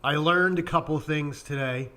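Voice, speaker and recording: A man hosting a casual trading show, rambling bluntly with profanity and frequent throat clearing, working up into exasperated rants. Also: on the high side, moderate pace, pushed and bright. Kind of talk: casual market commentary.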